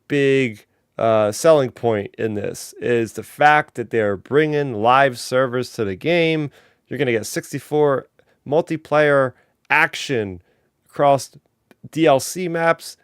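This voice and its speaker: A man's voice: medium pitch, clean tone, no echo, clean studio sound. A man hosting a fan podcast, running through announcements and news in an enthusiastic, casual way. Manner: enthusiastic, talks through housekeeping. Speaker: podcast host.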